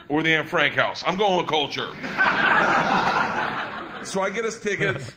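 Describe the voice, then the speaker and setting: A man's voice: a little high, brisk, pauses often, very noisy. A man in his thirties doing a stand-up routine before a live audience, telling a profane story with laughing asides. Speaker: stand-up comedian.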